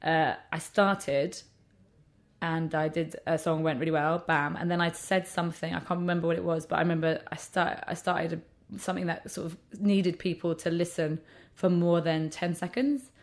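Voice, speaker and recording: Chatty woman comedian telling tales. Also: on the low side. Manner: animated storyteller, quick to act out quotes. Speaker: stand-up comedian and character act. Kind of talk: casual interview chat.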